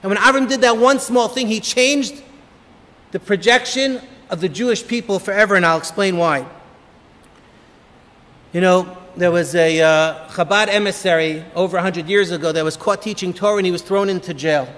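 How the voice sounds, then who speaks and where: High-voiced rabbi, echoing hall. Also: male voice, normal speed. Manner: animated, humorous storyteller. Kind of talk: motivational holiday talk with storytelling. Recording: long reverb of a hall.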